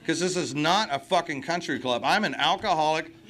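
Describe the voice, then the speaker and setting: A man's voice: a little high, brisk, fairly bright tone. A man speaking at a recovery meeting, telling blunt, profane, comic stories to a live crowd. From United States. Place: meeting hall before an audience.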